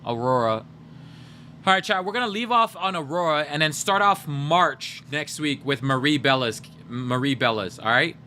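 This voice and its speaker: A young man hosting a livestream, chatting casually and teasing his viewers in a joking, animated way. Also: fairly high pitch, normal speed, slight background noise. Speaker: livestream host.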